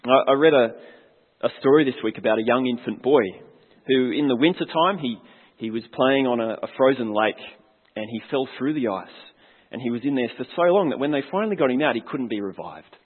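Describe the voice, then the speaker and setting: A man's voice: mid-range voice, animated, brisk, breathy edge. A man preaching a sermon as a pastor, earnest and reflective, putting questions to his congregation. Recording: long hall reverb, tinny phone-like sound.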